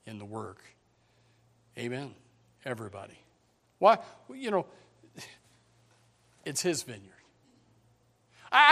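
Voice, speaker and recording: A man preaching a sermon in a church, emphatic, swinging between loud and quiet. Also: a little high. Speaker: pastor. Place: church sanctuary.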